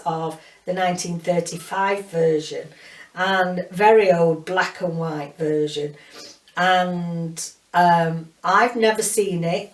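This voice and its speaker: A middle-aged woman, chatting casually and rambling as a book channel host, laughing often. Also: on the low side. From North Yorkshire, England. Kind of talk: casual chat. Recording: roomy sound, mic at a distance.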